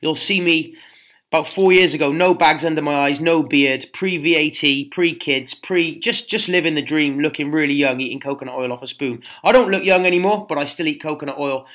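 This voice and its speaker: A man's voice: fairly high pitch, brisk, a bit bright. A man in his thirties with a British accent, a personal trainer giving blunt, chatty fitness advice and calling his listeners mate and guys. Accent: British English. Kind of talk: casual fitness advice monologue.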